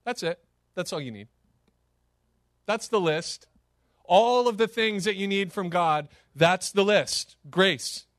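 Animated high-voiced preaching man. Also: slow pace, pauses often, no room sound, studio quality. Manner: animated, emphatic preaching with sudden rises and drops. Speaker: pastor. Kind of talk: sermon.

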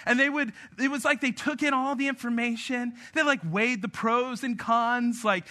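A pastor in his thirties delivers a sermon, chatting and joking with the congregation in a conversational style. His voice is very high and sharp in tone, moving at a normal speed.

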